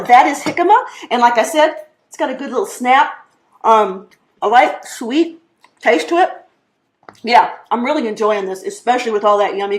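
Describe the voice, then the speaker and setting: A woman's voice: medium pitch, reverberant. Chatty woman teaching a cooking demo. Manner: chatty, laughs often, many fillers. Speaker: cooking show host. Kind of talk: casual live cooking demonstration.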